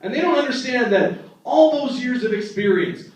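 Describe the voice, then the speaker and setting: Animated young man doing stand-up. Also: very high-pitched, distant mic. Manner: animated storytelling, acting out family members in quick voices. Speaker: stand-up comedian. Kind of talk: stand-up comedy set. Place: comedy club stage. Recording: echoey, dull club recording from the back.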